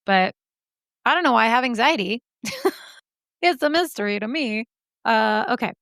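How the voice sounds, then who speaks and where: A woman's voice: a little high, expressive, moderate pace, fairly bright tone, no room sound. Candid swearing woman podcast host, dry sound. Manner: candid, swears freely, laughs at herself. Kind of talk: casual chat reacting to listener stories. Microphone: podcast microphone.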